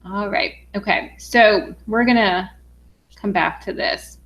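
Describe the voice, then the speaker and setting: Bubbly, excitable young woman vlogger. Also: medium pitch, slow pace. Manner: bubbly and excitable, many "um" fillers. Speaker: vlogger hosting a livestream. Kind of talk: casual livestream chat.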